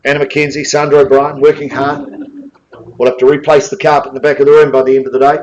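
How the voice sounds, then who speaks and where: A man's voice: mid-range voice, flat delivery, fast, a little mellow, muffled recording. A man with a New Zealand accent calling a live property auction, coaxing bidders with jokes between bid calls.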